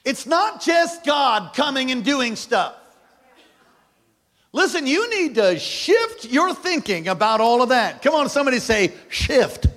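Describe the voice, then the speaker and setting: A man preaching a sermon as pastor, calling on the congregation to repeat after him, moving from hushed lows to shouted peaks. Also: sing-song, measured pace. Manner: call-and-response preaching, swings from hushed to shouting. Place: church sanctuary. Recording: long hall reverb.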